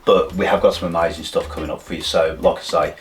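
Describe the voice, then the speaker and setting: Low-voiced man, rambling chat. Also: steady tone, fast talker, slight background noise. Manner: chatty, rambling, many fillers. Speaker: co-host of a punk music channel. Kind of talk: casual chat and joke telling.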